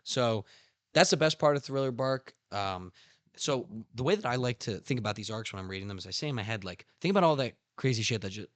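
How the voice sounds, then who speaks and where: A young man hosting a casual podcast who talks excitedly, swears a lot and acts out scenes. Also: medium pitch, quick pace, no echo. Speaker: podcast host. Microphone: studio podcast mic.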